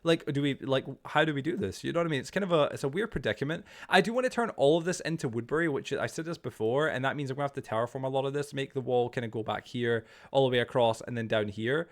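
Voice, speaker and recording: A man's voice: mid-range voice, fast, few pauses. A young man streaming from a room at home, rambling and chatty, laughing easily as he talks to his viewers. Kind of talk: casual live-stream chat.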